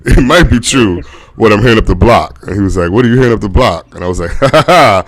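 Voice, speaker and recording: Deep-voiced man doing stand-up. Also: fast. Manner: laid-back storytelling, laughing at his own jokes. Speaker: stand-up comedian. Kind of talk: stand-up comedy set on a video call. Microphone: video call.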